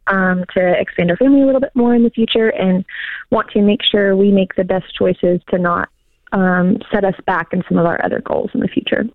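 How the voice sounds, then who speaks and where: A woman's voice: medium pitch, no echo. A woman calling in to an advice show, speaking hesitantly with many fillers. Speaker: caller. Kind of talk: phone call-in. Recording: tinny phone line.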